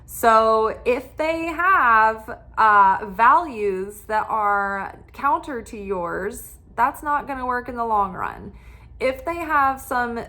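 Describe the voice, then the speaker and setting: A woman's voice: on the high side, animated, takes it slowly, bright, forceful tone. A middle-aged woman giving spiritual love advice as a tarot reader, talking animatedly and acting out the voices of people she quotes.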